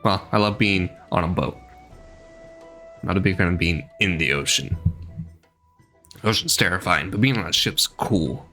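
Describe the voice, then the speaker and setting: A man streaming a game gives blunt, joking commentary in a relaxed voice. His pitch sits low, and soft music plays quietly behind him. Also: moderate pace, pauses often. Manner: chatty, blunt, self-deprecating. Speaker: VTuber streamer. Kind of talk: casual gameplay commentary.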